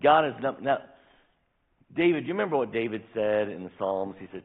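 A pastor in his sixties preaching a sermon, earnest and emphatic, slowing down when he reads scripture. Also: medium pitch, expressive. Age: 60s. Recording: tinny phone-like sound.

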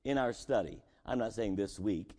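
A man's voice: on the low side, normal speed, dark tone. A man preaching a sermon as pastor, talking casually and asking his congregation rhetorical questions. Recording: long echo of a large hall.

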